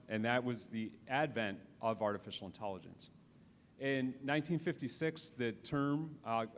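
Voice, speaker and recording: Man lecturing in a reverberant hall. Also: mid-range voice. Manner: conversational, many restarts and "right?" tag questions. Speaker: conference speaker. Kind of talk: live conference lecture. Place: conference hall. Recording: reverberant hall with faint noise.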